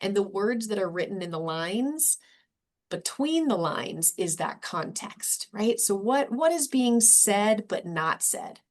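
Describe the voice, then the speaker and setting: An upbeat woman leads a cultural competency workshop for a campus audience. She explains ideas clearly and now and then acts out quick bits of dialogue to show her point. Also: mid-range voice, animated. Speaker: trainer. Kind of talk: workshop presentation.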